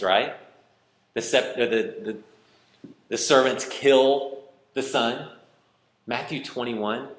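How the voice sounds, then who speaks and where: Male pastor, mid pitch, pleading sermon delivery, echoey room. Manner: pleading, rising to emphatic then dropping quiet.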